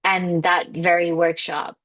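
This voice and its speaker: Speaking slowly with little pitch movement, a woman with a slightly low, fairly bright voice delivers a spiritual pep talk as a manifestation coach. She's emphatic and casual, leaning on "like" and addressing listeners directly.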